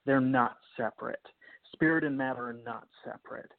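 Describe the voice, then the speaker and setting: A man, a musician guest in an interview, talking casually with animated, laughing storytelling. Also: mid-range voice, brisk, vocal fry. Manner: animated, laughing, self-correcting. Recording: tinny phone-like line.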